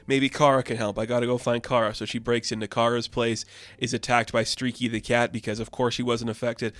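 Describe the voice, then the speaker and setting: A man's voice: mid-range voice, dry recording. A young man casually recapping a comic book, acting out the characters' lines as he goes. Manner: animated, acts out characters' lines.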